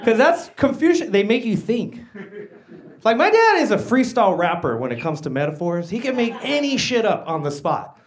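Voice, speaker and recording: A male stand-up comedian with a high, very animated voice performs a set on a handheld stage mic. He is excitable and slangy, and keeps calling the crowd guys and dude. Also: normal speed. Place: comedy stage before a live audience.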